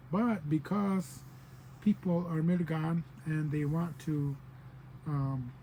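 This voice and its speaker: A man's voice: a little high, dark tone, slight background noise, rough recording. A man teaching words of his native language in a loose, digressive way, with many fillers and playful quoted voices. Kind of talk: informal spoken language lesson.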